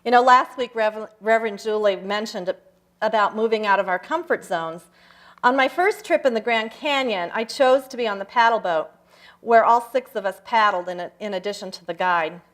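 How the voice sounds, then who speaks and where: An older woman giving a personal talk at a church service, telling stories reflectively with slow, emphatic pauses. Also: medium pitch, a bit bright. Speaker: guest speaker. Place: church sanctuary.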